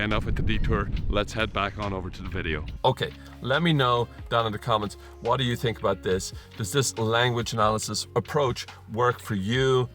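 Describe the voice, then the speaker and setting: A man explaining English grammar for teachers, thinking aloud and slowly modelling example sentences, repeating them for rhythm. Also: lowish voice. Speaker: CELTA trainer and channel host. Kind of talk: teaching video talking to camera.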